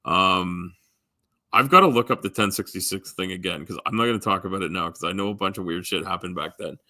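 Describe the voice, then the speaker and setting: A man's voice: low voice, fairly quick, bright, forceful tone, no room sound, clean studio sound. A man rambling casually to his live stream chat, full of ums, restarts and offhand swearing.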